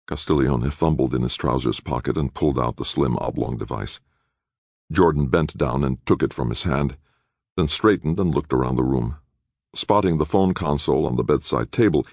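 A man reading a thriller aloud as an audiobook narrator, measured and even. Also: extremely low pitch, gravelly, slightly rough, no echo, clean studio sound. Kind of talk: scripted narration.

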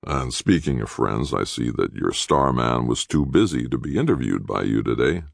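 Guy doing a super deep sly smooth-talker, slow and laid back, gravelly edge. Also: expressive, no echo, studio quality, full character voice. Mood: calm, needling. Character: smooth, sly middle-aged man with a relaxed, unhurried manner.

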